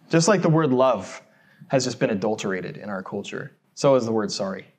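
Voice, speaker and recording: A male pastor from the United States preaching in a church, at an ordinary middle pitch. He talks to the congregation in a relaxed, conversational way with light self-deprecating humor. He keeps asking them questions as he goes. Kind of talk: sermon.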